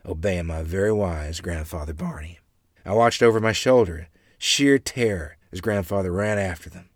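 A man narrating a family story aloud, animated and expressive. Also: low-pitched, moderate pace, husky, no echo, clean studio sound. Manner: lively, animated reading with character voices.

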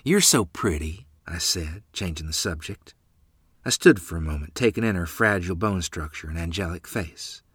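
A man narrating a first-person story in an expressive, storytelling style. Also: low-pitched, normal speed, slightly rough, no room sound, studio quality.

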